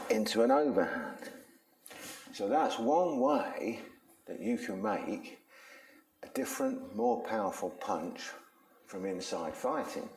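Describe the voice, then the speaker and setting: A man explains punches in a chatty, slangy way, telling stories as he demonstrates. His voice sits fairly low. The sound bounces around an echoey training room with a punching bag. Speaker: self-defense instructor. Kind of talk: casual instructional talk with demonstration.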